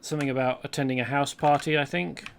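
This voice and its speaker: A man's voice: mid-range voice, fairly even intonation, fast, vocal fry, a little hiss or hum. A man hosting a let's play, rambling chattily through gameplay commentary and correcting himself as he goes.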